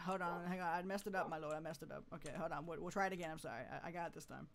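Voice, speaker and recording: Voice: mid-range voice, racing, creaky, few pauses. A streamer giving live gameplay commentary, playfully talking with mock deference and often laughing.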